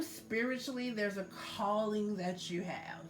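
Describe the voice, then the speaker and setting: A woman's voice: mid-range voice, measured pace, faint music behind. A woman giving a casual tarot reading, loose and full of fillers, earnestly urging the listener to let go. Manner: loose and filler-heavy, many likes and ums. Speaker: tarot reader.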